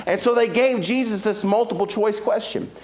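In a fairly high voice, a man preaches a sermon, retelling Bible stories with great energy. Like a pastor working his congregation, he swings from loud, rapid passages to hushed, drawn-out ones.

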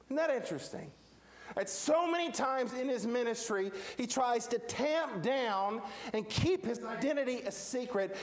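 A man with a high voice preaching a sermon. He presses each point hard and stacks short, repeated questions and statements. He speaks as a pastor addressing his congregation. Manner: emphatic, repetitive rhetorical questions.

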